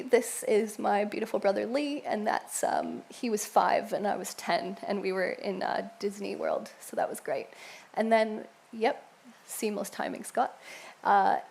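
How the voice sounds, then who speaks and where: Gravelly-voiced New York woman giving testimony. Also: medium pitch, slight background noise. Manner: chatty, warm asides with fillers and laughs. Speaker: church member sharing testimony. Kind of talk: personal testimony talk.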